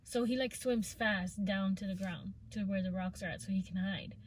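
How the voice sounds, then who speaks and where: A woman's voice: mid-range voice, steady tone, normal speed, a little mellow. A woman vlogger telling a casual storytime, chatty and rambling with lots of filler words.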